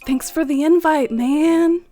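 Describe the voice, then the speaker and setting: A relaxed, drawling male sea otter from a video game, easygoing and fond of scallops, read aloud by a woman. The stoner voice sits somewhat high, with faint music playing behind. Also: slow. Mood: mellow drawl. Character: laid-back male sea otter, scallop-loving drifter. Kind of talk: reading game dialogue aloud.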